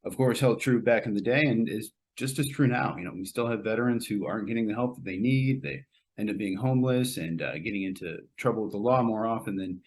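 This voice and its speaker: A man's voice: fairly low pitch, a little fast. A middle-aged man hosting a podcast, giving a casual, rambling film review full of fillers and restarts.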